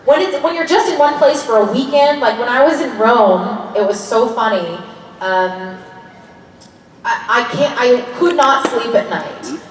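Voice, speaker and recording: A woman in her thirties chatting candidly as a convention panel guest, laughing often and swearing casually. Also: medium pitch. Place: large convention hall. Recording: echoey hall, distant mic, faint ambience.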